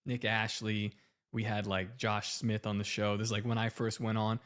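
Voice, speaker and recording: A man co-hosting a podcast in casual chat, his talk building into a loud heated rant. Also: lowish voice, level tone, moderate pace. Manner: heated, rising into loud ranting. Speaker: podcast co-host.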